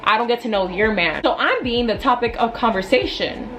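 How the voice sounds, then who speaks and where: A woman in her twenties telling a storytime vlog in a blunt, casual, venting way, with animated asides. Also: on the high side, a little fast, crowd noise, poor audio. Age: 20s. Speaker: vlogger.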